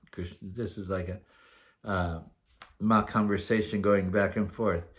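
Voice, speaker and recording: A man teaching a scripture class, reading verses aloud, chanting Sanskrit lines slowly and explaining them with frequent pauses and fillers. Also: low voice, fairly even intonation.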